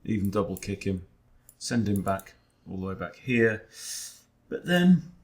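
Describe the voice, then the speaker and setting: A man with a fairly low, gravelly voice talks through a chess game as he plays it. He is wry and self-deprecating and often mutters his thoughts half to himself. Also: steady tone, moderate pace. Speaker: chess coach. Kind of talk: thinking aloud during an online chess game.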